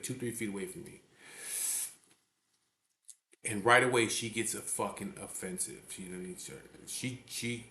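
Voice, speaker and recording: A man with a low voice tells a story in a blunt, profane, casual way, often checking in with his listener. He speaks from a garage hangout, and the room gives his voice a noticeable echo. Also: fairly bright tone. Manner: blunt, profane, keeps saying "you know what I mean". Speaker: biker club member telling a story. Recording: echoey room.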